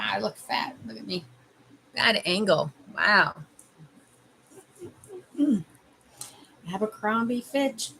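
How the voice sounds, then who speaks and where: A Canadian woman hosts a casual livestream from her home, talking straight to viewers and laughing often. Her voice is bright and forward. A faint hum of room noise sits behind her, picked up by a phone or webcam mic. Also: medium pitch. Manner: chatty, laughing, talks to viewers and her dog. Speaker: livestream host.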